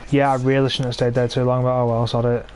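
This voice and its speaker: A man's voice: medium pitch, flat delivery, quick pace, a little mellow, slight background noise. An English man in his twenties giving live commentary on a tank game he is streaming, grumbling and sarcastic about his teammates, recorded on a cheap gaming mic. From England. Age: 20s.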